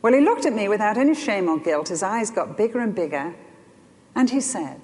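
An older woman preaching a sermon, telling stories in an animated way that swings between loud and soft. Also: mid-range voice, a little fast. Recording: long hall reverb.

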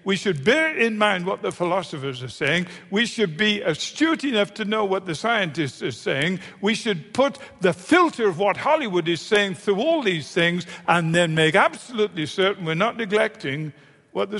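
A man's voice: high voice, sing-song, normal speed, a bit bright. A man preaching a sermon, emphatic and fond of repeating phrases for effect. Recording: long hall reverb.

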